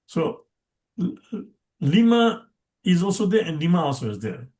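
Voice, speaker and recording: A man teaching a language class online in a halting way, often checking in with "right?" and quickly chanting verses. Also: sits high, very animated, a little mellow.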